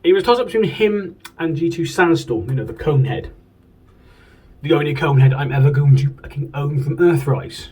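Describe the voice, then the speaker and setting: Husky man chatting about collectibles. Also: a little high, lively intonation, fairly quick, darkish tone, far from the mic, rough recording. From United Kingdom. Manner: chatty and enthusiastic, swears casually. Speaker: toy collector reviewer. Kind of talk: casual chat. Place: home room.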